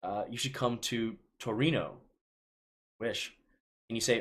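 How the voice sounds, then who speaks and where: A Chicago man in his thirties answers viewer questions offhand on a live stream after reading them aloud, often beginning his sentences again. His mid-range voice has fairly even intonation, a slow pace and long pauses.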